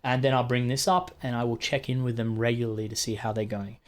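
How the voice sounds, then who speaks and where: A man's voice: mid-range voice, steady tone, quick pace. A man teaching fellow instructors in a casual, chatty screen-share walkthrough, often checking in with "right?", recorded on a computer mic. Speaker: technical instructor training other instructors.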